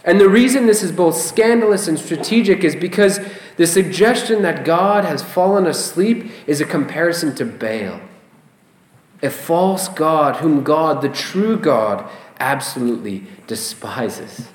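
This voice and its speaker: A man preaching a sermon as a pastor, expressive and emphatic, often asking rhetorical questions. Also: fairly high pitch, a little slow. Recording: roomy echo.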